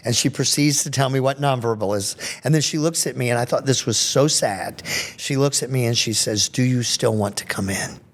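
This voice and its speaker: A man's voice: medium pitch, a little fast. A magician and special education researcher telling stories in an interview, acting out voices as he goes. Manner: animated storyteller, acts out children's voices. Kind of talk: storytelling interview.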